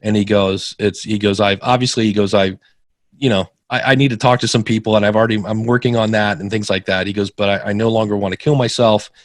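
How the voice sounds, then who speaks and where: A man's voice: fairly low pitch, steady tone, fast talker, no echo, studio quality. A middle-aged man guesting on a podcast, telling stories casually and acting out the people he quotes with big jumps in his voice. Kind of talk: casual interview storytelling.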